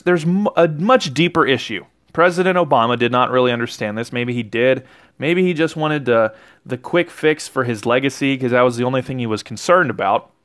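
A man's voice: a little high, a bit bright, dry recording, studio quality. Rambling man hosting a podcast. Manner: rambling, with frequent self-corrections. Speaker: podcast host. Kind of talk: casual political commentary monologue.

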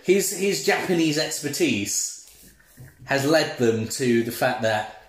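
A man's voice: mid-range voice, lively intonation, slow, echoey room. A man, giving wry, incredulous comic commentary about a film on a podcast. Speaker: podcast co-host. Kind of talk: casual comedic banter.

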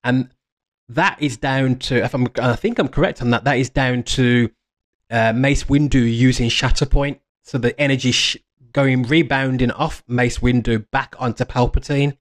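Man, mid-pitched, casual lore explainer who rambles, restarts sentences and gets enthused. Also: steady tone, moderate pace. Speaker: fan commentator. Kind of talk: casual fan explainer monologue.

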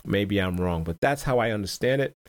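A man's voice: on the low side, lively intonation, a little fast. A man hosting a casual stock-trading video, talking over his screen in a rambling way, often repeating words, backtracking and chuckling between points. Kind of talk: casual screen-share market commentary.

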